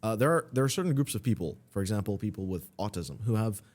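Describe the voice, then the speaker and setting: Relaxed young man chatting casually. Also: on the low side, quick pace. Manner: relaxed, explains at length with frequent fillers. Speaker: podcast guest. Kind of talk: casual chat.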